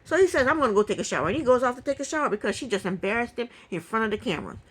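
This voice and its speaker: A woman recapping a reality TV episode in casual talk, opinionated and indignant, with quick asides. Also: on the high side, lively intonation, husky, rough recording.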